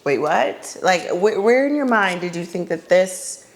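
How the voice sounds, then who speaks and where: A woman podcast host with a fairly low voice and measured pace tells an amusing dating story in a casual manner. Animated throughout, she acts out her reactions as dialogue and drops in blunt, exasperated comments.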